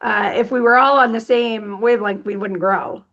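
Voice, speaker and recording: A woman's voice: medium pitch, normal speed, a bit bright. Woman guest on a video call, chatty and upbeat, kinda muffled lo-fi audio. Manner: upbeat, chatty, laughs easily. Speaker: podcast guest, company executive. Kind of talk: casual interview talk.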